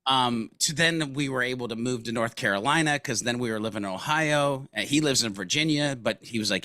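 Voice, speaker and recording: A man speaks as an interview guest, his voice bright and forward. He tells stories in a casual, slangy way and acts out other people's lines. The sound is dry and close, with no room echo. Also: mid-range voice, brisk, hardly any pauses. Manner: animated storyteller, casual slang, acts out quotes. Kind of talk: conversational business interview.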